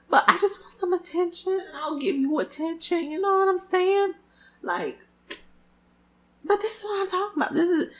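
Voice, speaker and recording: Young woman vlogger, gravelly and lively, tells stories loud and raw, curses freely, stretches out her exclamations. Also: mid-range voice. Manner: loud, expressive, swearing freely, drawn-out exclamations. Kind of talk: casual storytelling to camera.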